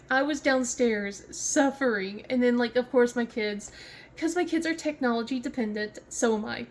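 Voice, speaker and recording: A woman's voice: a little high, slight background noise. A woman with a Southern American accent, chatting casually on a craft vlog, rambling with many fillers, restarts and frequent laughter. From southern West Virginia. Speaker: craft vlogger. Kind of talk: casual chat.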